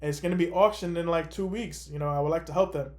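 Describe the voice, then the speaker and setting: A young man hosting a call, telling a story in a casual, animated way with lots of fillers. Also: fairly high pitch, fast. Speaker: host.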